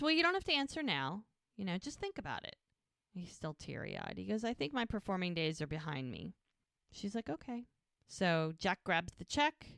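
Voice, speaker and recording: A woman's voice: medium pitch, no room sound, clean studio sound. A woman co-hosting a podcast, recapping episodes in casual chat and quoting the characters' lines as she goes. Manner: retells scenes by quoting characters. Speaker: podcast co-host.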